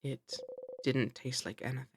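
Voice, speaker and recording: A woman's voice: a bass voice, steady tone, normal speed. A woman streamer reading game text aloud expressively in a voice-acted playthrough, with playful asides.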